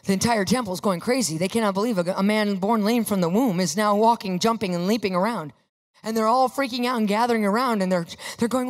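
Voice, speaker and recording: A woman preaching a sermon in an emphatic, animated way, asking her listeners questions. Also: mid-range voice, fast talker, big-room sound.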